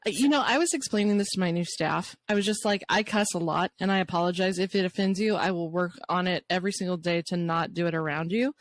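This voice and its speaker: A woman's voice: on the low side, fast, hardly any pauses. Frank, foul-mouthed woman chatting. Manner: frank, swears freely. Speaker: co-host. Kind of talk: casual podcast chat.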